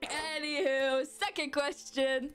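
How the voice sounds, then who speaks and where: Young woman game streamer, high voice, unhurried, giggly, faint game music behind. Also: fairly bright tone. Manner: giggly, reads game text aloud and reacts with bemused disbelief. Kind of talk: live game stream commentary.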